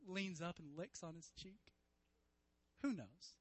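A man preaching a sermon, retelling a story vividly and swinging from hushed to loud, emphatic passages. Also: fairly high pitch, slow pace, dry recording, rough recording. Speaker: pastor.

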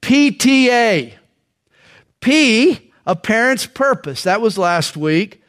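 A middle-aged man preaching a sermon on parenting, telling stories with dramatic pauses and slow, weighty emphasis. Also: very high voice, big pitch swings, a bit bright. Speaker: pastor.

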